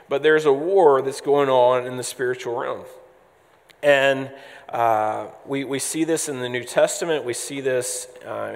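A man's voice: mid-range voice, long reverb tail. A man preaching a conversational sermon as pastor, with frequent ums and restarts.

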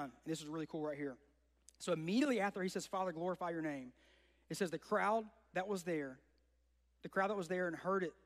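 A young man with a high-pitched voice delivers a casual, conversational sermon, tossing rhetorical questions out to his listeners. His voice rings with a long reverb, as if it were recorded in a large hall. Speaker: preacher.

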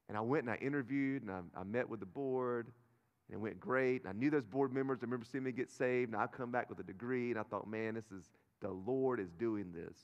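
A man in his thirties from North Carolina, a pastor preaching a sermon and swinging from loud bursts to quiet asides. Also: medium pitch, fast talker, dull audio. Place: church auditorium. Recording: long reverb of a church hall.

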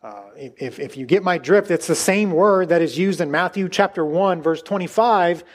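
Brief: male pastor with a high voice, chatty sermon delivery full of asides. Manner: conversational, with many restarts and asides.

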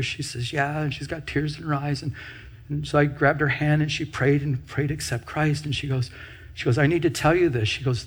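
A man preaching a sermon, telling personal stories with quoted dialogue, then urging his listeners in an emphatic way. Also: medium pitch. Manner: storytelling, acting out dialogue, rising to emphatic exhortation.

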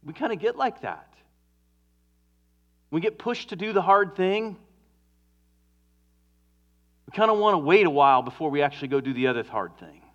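A man's voice: a little high, animated, normal speed, pauses often. Earnest preacher man with a muffled sound. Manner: earnest, swings from emphatic to hushed. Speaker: pastor. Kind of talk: sermon.

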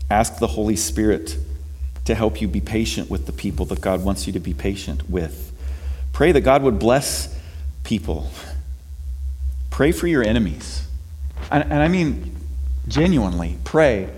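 A middle-aged man preaching a conversational sermon as pastor. He moves between soft, quiet passages and emphatic ones, and often repeats words as he restarts. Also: lowish voice, lively intonation, measured pace, pauses often. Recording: long reverb of a large hall.

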